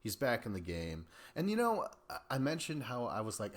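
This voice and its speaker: A man's voice: medium pitch, huge pitch swings, normal speed. A man hosting a podcast, giving a rambling, profane recap of a reality show and acting out people's lines in mocking voices. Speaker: podcast host. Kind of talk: casual recap commentary.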